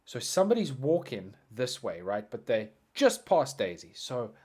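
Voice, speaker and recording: Animated man telling a story. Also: mid-range voice, normal speed, husky. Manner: animated, swings from loud excited bursts to quiet muttering. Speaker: podcast host. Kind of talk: casual storytelling monologue.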